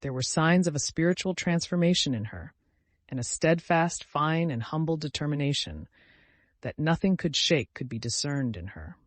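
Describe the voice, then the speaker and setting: A man narrating a classic novel as an audiobook, reading in a measured storytelling manner and lightly voicing the characters. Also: a little high, animated, no echo. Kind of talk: scripted narration.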